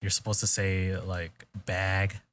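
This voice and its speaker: A podcast host with a fairly low voice talks through what happened on a show. He rambles a bit, slips into quick quoted voices and swears freely, all in an easygoing, casual chat. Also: level tone, a bit bright.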